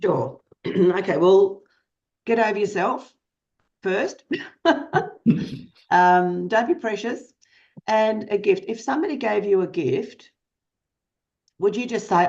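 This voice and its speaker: A woman's voice: mid-range voice, takes it slowly, pauses often, a little mellow. A woman giving interview advice as a guest coach, in a direct, encouraging way with rhetorical questions. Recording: dull lo-fi sound.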